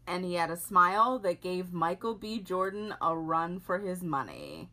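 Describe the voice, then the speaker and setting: A woman from rural Pennsylvania co-hosting a podcast, telling a personal story in a wry, animated way. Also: fairly low pitch, moderate pace, noisy background. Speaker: podcast co-host. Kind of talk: storytelling in casual podcast chat.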